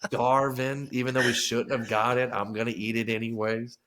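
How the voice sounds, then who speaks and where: A man's voice: mid-range voice, level tone, moderate pace, fairly bright tone. A man co-hosting a podcast in loose casual chat, rambling and joking, often stumbling over his words. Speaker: podcast co-host.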